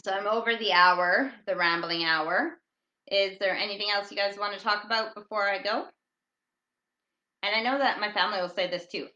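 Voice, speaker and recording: Loud, bright-voiced rambling woman. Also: medium pitch, fairly even intonation, normal speed, reverberant, highs cut off. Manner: rambling, chatty, reading out listener comments; talks loudly. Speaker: podcast host. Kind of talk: casual rambling chat. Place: at home in England.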